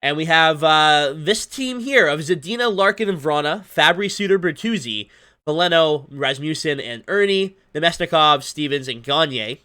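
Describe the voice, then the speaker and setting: A man talking casually over a hockey video game, chatty and self-deprecating, his voice a bit hoarse from long recording. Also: a little high, expressive, normal speed, pushed and bright. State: losing his voice, slightly hoarse. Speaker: gaming YouTuber. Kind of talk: casual gameplay commentary. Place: at his desk at home.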